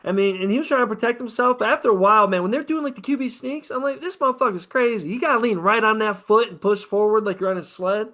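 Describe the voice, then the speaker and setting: A man's voice: high voice, quick pace, few pauses, fairly bright tone. A man co-hosting a casual sports podcast, rambling and profane about football teams. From American Midwest. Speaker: podcast co-host.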